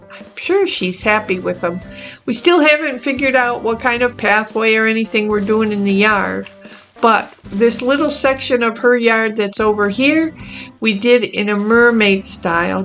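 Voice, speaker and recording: A woman hosts her own gaming video, chatting through her island build in a gentle, easily amused voice. She talks at an unhurried, drawn-out pace, and her voice sits a bit high. Soft instrumental music plays faintly behind her. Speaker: gaming channel host. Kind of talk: casual gameplay commentary.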